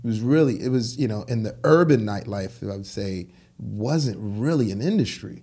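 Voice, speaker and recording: Speaking at a normal pace, the man has a lowish voice with a breathy edge. In a casual interview where he's the guest, this clothing store founder tells his business stories in an animated way, acting out each quoted exchange.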